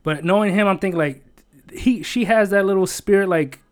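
A man's voice: sits high, a little fast, smooth. A man in casual chat, telling a long rambling story with lots of swearing, fillers and emotion.

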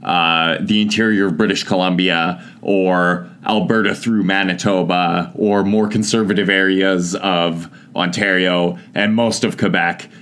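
A man's voice: low voice, fairly even intonation, measured pace, hardly any pauses, a bit bright. A young man co-hosting a casual banter podcast, sarcastic and jokey, with lots of filler uhs and some swearing. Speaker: podcast co-host.

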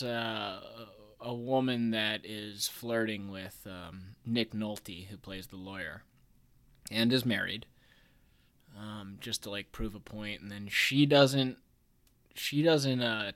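A man's voice: on the low side, fairly bright tone. Rambling man in his thirties. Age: 30s. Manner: rambling, filler-heavy, self-interrupting; wry, chuckles at his own jokes. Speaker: podcast host. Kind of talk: casual podcast chat.

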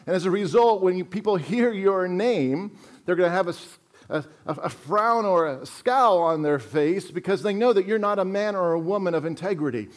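High-voiced man preaching a sermon. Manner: earnest, emphatic preaching with repeated phrases. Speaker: pastor.

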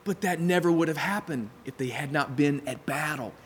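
A man's voice: a little high, normal speed, slight background noise. A man preaching a sermon with dramatic delivery, acting out the voices of doubters and of God. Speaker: pastor. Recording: long hall reverb.

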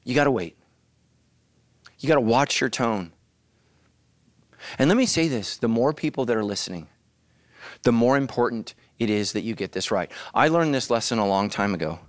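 A man preaching a sermon as the pastor, animated and bursting into loud shouts. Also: fairly low pitch, clear, resonant tone, no echo. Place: church.

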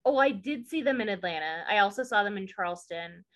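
Casual woman podcast co-host, sarcastic and joking, lively pitch. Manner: sarcastic, joking, quick asides. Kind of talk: casual recap chat.

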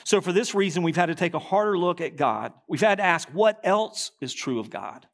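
A man preaching a sermon as pastor, reading quotations aloud, slowing and dropping low at key lines. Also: animated, gravelly.

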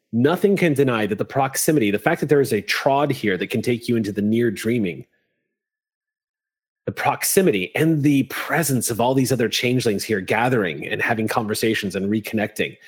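A man serving as game master, narrating a fantasy scene for his players. His pitch sits in an ordinary middle range, and he takes his time over the descriptions, dropping in a curse now and then. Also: expressive, breathy edge. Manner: descriptive, unhurried narration with casual swearing.

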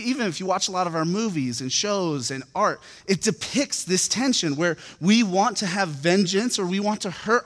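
A man preaching a sermon in a relaxed, storytelling way, with lots of casual fillers. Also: high-pitched. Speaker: pastor. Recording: long reverb of a hall.

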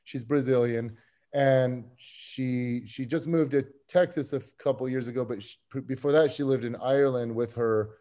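A man as a podcast guest, telling a story in an animated, excitable way with many restarts. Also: medium pitch, moderate pace. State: getting emotional. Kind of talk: casual chat.

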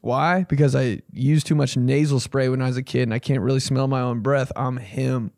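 A man hosting a comedy podcast, riffing in a casual, animated way and swearing freely. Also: mid-range voice, normal speed, creaky, dry recording, clean studio sound.

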